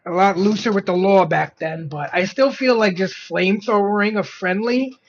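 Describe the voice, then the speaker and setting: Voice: medium pitch, normal speed. A streamer reacting to a video, chatting in an amused way and thinking aloud. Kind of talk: casual reaction commentary. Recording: slightly muffled stream audio.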